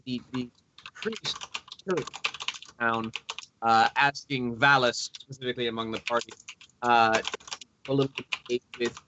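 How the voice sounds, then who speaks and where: A man running a tabletop game as dungeon master, recapping the story with hesitant pauses and fillers over an online call. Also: medium pitch, little pitch movement, background noise.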